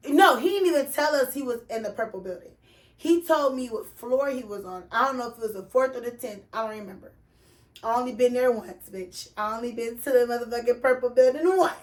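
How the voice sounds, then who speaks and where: A woman with a Texas accent telling a story casually, full of slang and swearing, acting out the other people's lines. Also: high-pitched. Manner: animated, profane, slangy, acts out quoted voices.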